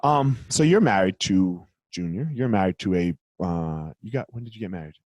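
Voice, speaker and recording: A man hosting a casual interview show, rambling through questions, swearing casually, and growing animated when telling stories. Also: low voice, moderate pace. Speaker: podcast host.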